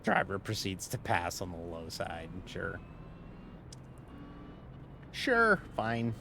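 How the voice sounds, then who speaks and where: A man's voice: sits low, wildly swooping pitch, takes it slowly, creaky, bright, forceful tone, a little hiss or hum. A man casually commenting while streaming a sim race, rambling and joking and laughing often.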